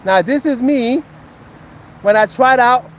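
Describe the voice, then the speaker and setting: High-voiced man ranting sarcastically at chat. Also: slow, slight background noise. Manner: defensive, sarcastic and repetitive, addressing chat and a heckler. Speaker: livestreamer and former fighter. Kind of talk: casual livestream chat to viewers.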